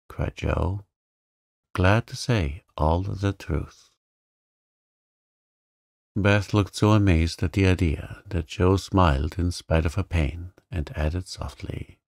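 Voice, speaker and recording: A man narrating a classic novel as a calm sleep story, slow and soothing, on a close microphone. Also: low voice, vocal fry, dry recording.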